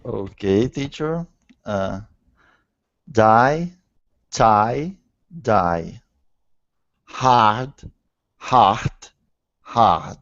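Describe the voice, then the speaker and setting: Very slow, deliberate man on a call. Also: lowish voice, expressive, fairly bright tone. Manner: very slow, deliberate word reading. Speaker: student. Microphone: video call. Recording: muffled lo-fi call audio.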